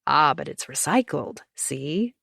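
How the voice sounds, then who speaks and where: A drowsy husband who justifies himself dryly, speaking low and quietly, as the woman narrating the audiobook reads his lines. His voice sits close and dry, with no room around it. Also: animated, takes it slowly, vocal fry, no room sound, exaggerated voice. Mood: wry.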